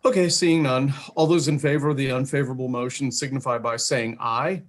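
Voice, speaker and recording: A man chairing a legislative committee session, calling votes in a brisk, procedural way with dry jokes. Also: medium pitch, steady tone. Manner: brisk, procedural, dryly joking.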